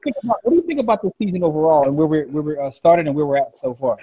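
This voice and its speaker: A man's voice: fairly high pitch, expressive, rapid-fire, muffled recording, a crowd in the background. A man hosting a casual podcast round table and introducing his guests in a laid-back way. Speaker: podcast host. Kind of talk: casual chat.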